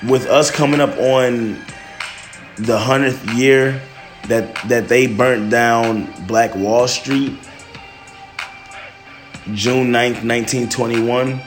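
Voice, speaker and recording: A young man hosting a casual podcast monologue, loose and emotional, full of slang and "man" and "bro". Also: medium pitch. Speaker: podcast host.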